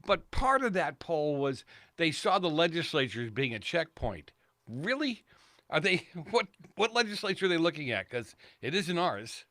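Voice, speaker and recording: Chatty, animated male political guest. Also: a little high, moderate pace, dry recording, clean studio sound. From California. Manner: chatty, laughs easily. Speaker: regular guest commentator. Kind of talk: casual political chat.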